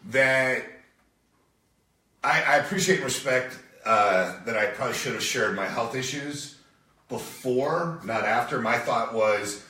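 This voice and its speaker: A man co-hosting a radio show from a home studio, chatting casually in a subdued, somewhat monotone way. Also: medium pitch, a little slow, roomy sound, recorded from a distance.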